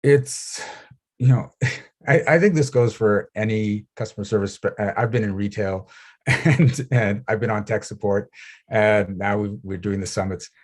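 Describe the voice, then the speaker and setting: A man chatting as an interview guest on a video call, telling lively stories, laughing a lot and acting out the people he quotes. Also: on the low side, unhurried. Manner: animated storyteller, laughs often, acts out quoted people. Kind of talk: casual interview chat.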